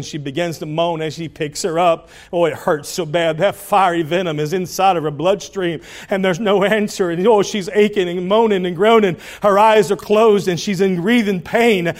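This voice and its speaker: A man preaching a sermon, telling a story dramatically and swinging from hushed tones to loud calls. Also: on the high side. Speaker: pastor.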